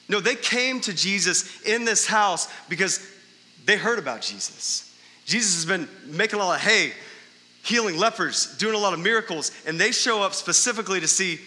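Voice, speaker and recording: A man's voice: fairly high pitch, expressive, normal speed, pushed and bright, big-room sound. A male pastor preaching a sermon in a church, talking conversationally and tossing in rhetorical questions and "right?" asides. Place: church sanctuary during a service.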